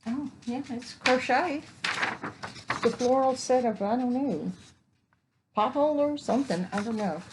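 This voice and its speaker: A woman's voice: high voice, a little slow, pauses often, background noise. A woman, chatting casually while unboxing crafts at home, gushing and exclaiming over each find. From Texas. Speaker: vlogger. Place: home indoors, evening.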